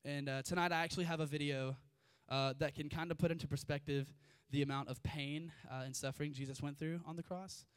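A man's voice: a little high, steady tone, fairly quick, hardly any pauses, clear, resonant tone, no room sound, studio quality. A young man preaching a casual sermon, reading scripture with chatty, informal asides. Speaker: youth preacher.

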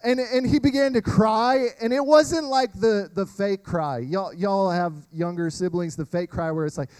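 A man, preaching a sermon and telling animated personal stories to the congregation. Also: high voice, normal speed, clean tone, no room sound, rough recording. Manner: animated storytelling, addresses crowd as y'all. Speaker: pastor.

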